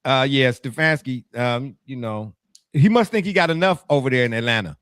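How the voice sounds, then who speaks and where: A man hosting a casual sports talk show, animated and teasing, laughing often. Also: mid-range voice, normal speed, smooth, no echo, clean studio sound.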